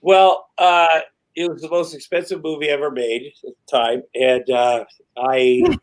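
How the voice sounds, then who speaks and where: A man on a podcast as a guest, telling rambling, animated stories, swearing and laughing as he goes. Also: on the high side, measured pace, rough recording. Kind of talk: casual chat.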